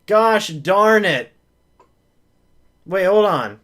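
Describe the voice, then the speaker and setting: A man reacting live to a football game, calling each snap like a fan-announcer. His voice sits high and leaps up and down across a wide range. He takes his time and drawls through the lulls. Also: drawn-out words. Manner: excitable, pleading with the referees.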